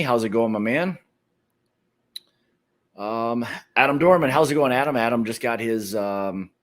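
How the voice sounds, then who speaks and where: A man hosting a whiskey club livestream in a casual, easygoing chat, greeting viewers by name and talking with plenty of fillers. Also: medium pitch.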